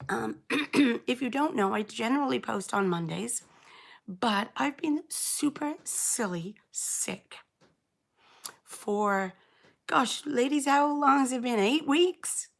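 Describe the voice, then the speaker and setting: Still croaky and hoarse from being ill, a middle-aged woman from England rambles casually on her live knitting stream, welcoming viewers by name. She speaks slowly in a slightly high voice.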